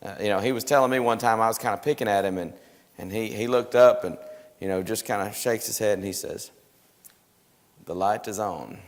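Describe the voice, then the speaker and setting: A man's voice: on the low side, quick pace. A man teaching a church Bible class, explaining in a conversational way with frequent restarts. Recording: live stream with hall reverb.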